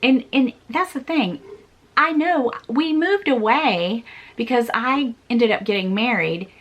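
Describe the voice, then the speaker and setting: A woman's voice: fairly high pitch, animated, takes it slowly, lo-fi sound. A woman in her forties, a vlogger telling a personal story in an earnest, repetitive way with small laughs.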